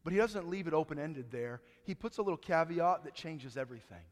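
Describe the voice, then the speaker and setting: High-voiced male pastor preaching in a hall. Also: expressive, fairly quick, few pauses. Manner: preaching with rising emphasis and dramatic hushed drops. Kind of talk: sermon. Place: church sanctuary. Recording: long reverb of a church hall.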